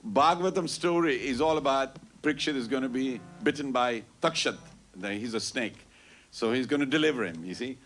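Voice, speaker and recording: A man tells a story at a temple Sunday program, animated and full of "you know", quoting others back and forth. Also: medium pitch, moderate pace, soft background music. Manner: animated, quotes others in dialogue, frequent "you know" and "I goes". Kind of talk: casual storytelling announcement. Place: temple hall.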